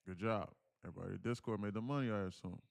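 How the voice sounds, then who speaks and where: A man's voice: fairly low pitch, very fast, creaky. A man hosting a live day-trading stream, talking casually and reading chat messages aloud, with slang and the odd curse. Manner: animated, reads chat aloud, slangy and profane.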